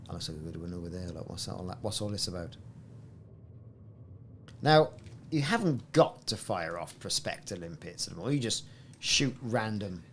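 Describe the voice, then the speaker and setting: A man's voice: on the low side, slight background noise. A man giving chatty, rambling live-stream commentary while playing a game. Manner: chatty, rambling, self-interrupting. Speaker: gaming streamer.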